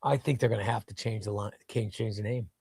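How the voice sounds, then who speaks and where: A man's voice: lowish voice, steady tone, quick pace, darkish tone, a little hiss or hum. A man hosting a casual live stream, reading viewer chat and rambling, often repeating himself. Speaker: livestream host reading chat.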